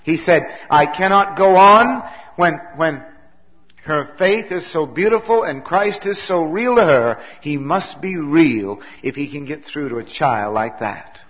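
A man preaching a sermon, his volume swelling and then dropping very soft as he tells a story. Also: fairly high pitch, lively intonation, measured pace. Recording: dull lo-fi recording.

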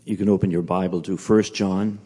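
A man preaching in a conversational, halting way with frequent fillers. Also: low-pitched, steady tone, dark tone, breathy edge. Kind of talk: sermon.

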